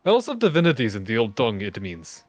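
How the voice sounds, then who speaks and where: A man's voice: mid-range voice, huge pitch swings, fast talker, dry recording, soft background music. A man reading a humble fisherman villager. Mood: earnest. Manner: friendly, modest. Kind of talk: fan voice acting of game dialogue.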